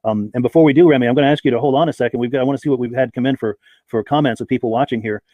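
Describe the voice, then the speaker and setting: A man's voice: mid-range voice, rapid-fire, dry recording, phone-quality sound. A man hosting a live podcast, chatting and reading out viewers' names and hometowns. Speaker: podcast host. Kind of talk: live-stream podcast chat.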